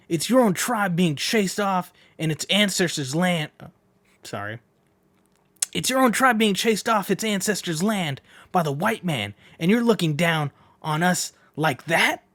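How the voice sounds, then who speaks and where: A man voicing a furious male tribal warrior who yells and chases a runaway. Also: sits high, no room sound, pitched above the performer's own voice, full character voice. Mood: accusing. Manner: shouting, frantic.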